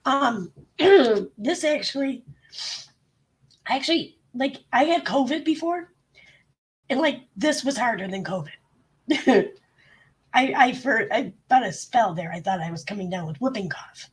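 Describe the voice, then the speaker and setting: A woman live streamer, sick with a bad cold and clearing her throat, chatting bluntly and swearing freely as she greets her viewers. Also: on the high side, animated, unhurried, long pauses. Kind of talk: casual livestream chat.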